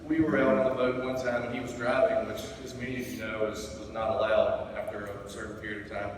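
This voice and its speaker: A man's voice: fairly low pitch, level tone, a little fast. A man giving a eulogy for his father, telling a family story and retelling a joke with some laughter. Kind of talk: memorial speech, storytelling. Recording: echoey hall, distant mic, background noise.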